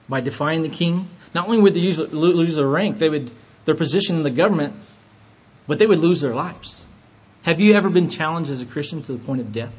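A man preaching a sermon, retelling scripture with lively rhetorical questions to his listeners. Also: fairly high pitch, breathy edge, lo-fi sound. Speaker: pastor.

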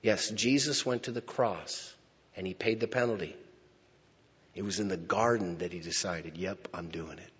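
A male pastor preaching a sermon, slow and emphatic, swinging from loud declarations to hushed near-whispers. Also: on the low side, breathy edge. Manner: slow, emphatic phrasing with pauses. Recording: lo-fi with long hall reverb.

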